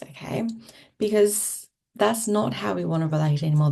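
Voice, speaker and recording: A woman's voice: medium pitch, moderate pace, vocal fry, dark tone. A woman relationship coach giving casual, candid advice to camera, often checking in with "okay?" and restarting words as she goes. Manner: candid, occasionally swears.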